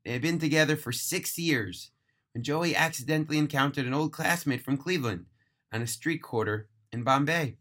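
A man narrating a moving story aloud, earnest and emphatic, slowing down on key phrases. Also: a little high, fairly bright tone. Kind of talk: dramatic storytelling read-aloud.

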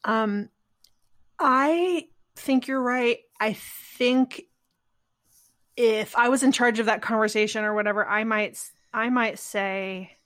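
A woman's voice: a little high, slow pace, fairly bright tone. A woman co-hosting a podcast in casual conversation, talking in a rambling, reflective way and often trailing off mid-thought. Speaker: podcast co-host.

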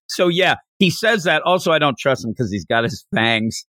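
A man hosting a casual podcast discussion, animated, acting out characters' lines as he talks. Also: on the high side, moderate pace, no room sound, clean studio sound. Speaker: podcast host.

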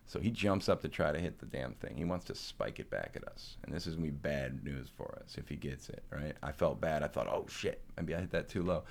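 A man's voice: very deep voice, brisk, creaky, few pauses, a little hiss or hum. A man co-hosting a casual chat, telling a long story with laughs, swearing and frequent restarts. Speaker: podcast co-host.

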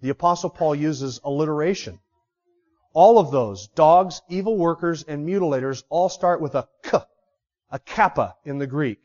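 Male pastor, slightly high voice, emphatic sermon delivery with forceful peaks, muffled lo-fi capture. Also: moderate pace. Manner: emphatic, swings from quiet asides to loud repeated declarations. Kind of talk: expository sermon. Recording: dull lo-fi recording.

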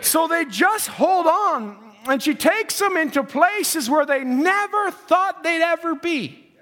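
A male preacher delivering a sermon, swinging from shouted, singsong lines to quiet asides. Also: very high voice, expressive, takes it slowly.

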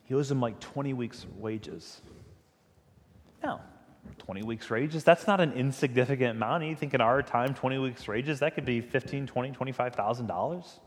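A pastor preaches a sermon, retelling a story in a chatty but emphatic way at a moderate pace. His voice has an ordinary middle pitch, and the long echo of a large church hall rings around him.

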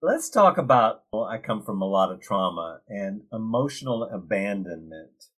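A man's voice: on the low side, big pitch swings, moderate pace, a bit bright. A man hosting an interview, asking open questions and laughing along with his guest. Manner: friendly, laughs often, asks open questions. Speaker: interview host. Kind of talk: conversational interview.

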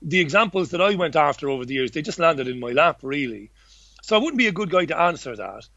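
In a dull, lo-fi, echo-free recording, a man with a fairly high, gravelly voice speaks quickly and very animatedly, his tone pushed and bright. He's a guest in a casual interview about his journalism work, rambling bluntly with many restarts and the odd swear word.

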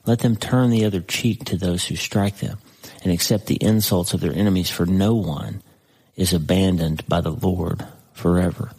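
A man preaching a sermon, reading scripture aloud slowly with dramatic pauses and breaking into conversational asides to the listener. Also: deep voice, fairly even intonation, darkish tone, slightly rough, poor audio.

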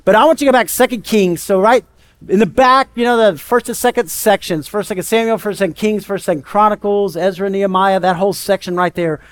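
A male pastor preaching a sermon in a conversational, lively storytelling way. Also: high-pitched, fairly quick.

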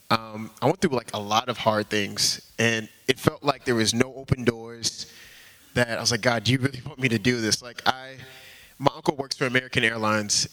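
A man's voice: mid-range voice, pushed and bright. A young man giving an earnest, informal testimony in church, peppering his talk with "like.". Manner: earnest, heavy use of "like" as filler.

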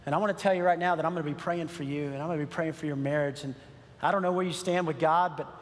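A man's voice: on the high side, fairly even intonation, rapid-fire. A middle-aged man pastor telling a personal story in a sermon, earnest and building to emphatic preaching. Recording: long hall reverb.

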